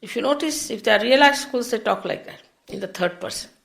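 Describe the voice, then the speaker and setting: An older woman, a spiritual teacher, giving an unhurried, explanatory public lecture with big swings in pitch and loudness. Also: creaky. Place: public program before an audience.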